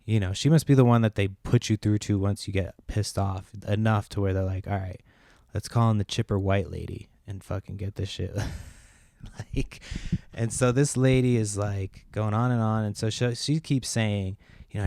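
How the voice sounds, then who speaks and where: A low-voiced man hosts his podcast, rambling through a frustrated story with plenty of swearing. The recording is dry and close, with no room sound. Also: fairly even intonation, normal speed, creaky, dark tone, dry recording. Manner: profane, exasperated storytelling. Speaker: podcast host. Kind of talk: casual rambling monologue.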